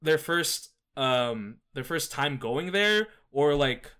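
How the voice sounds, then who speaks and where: A young man chatting casually, rambling and animated, with lots of fillers as he tells a story. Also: fairly high pitch, slow, clear, resonant tone. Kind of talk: casual chat.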